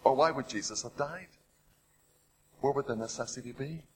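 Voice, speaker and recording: A man preaching a sermon. He retells stories with rising drama, asks the listeners rhetorical questions and drops to a hush on heavy points. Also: mid-range voice, normal speed, breathy edge, low-quality recording.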